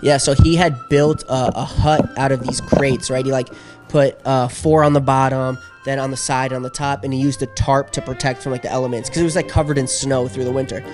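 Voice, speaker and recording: Fast-talking streetwise man telling stories. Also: mid-range voice, fairly even intonation, over music. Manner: fast, streetwise storytelling with many "like" fillers. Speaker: interview guest. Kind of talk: casual storytelling.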